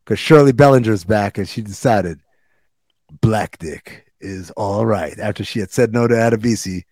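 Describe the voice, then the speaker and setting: A man co-hosting a casual podcast, recapping a television show in animated, profanity-heavy chat. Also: normal speed, no room sound. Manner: animated, swearing, jumps into high voices for quotes. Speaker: podcast co-host.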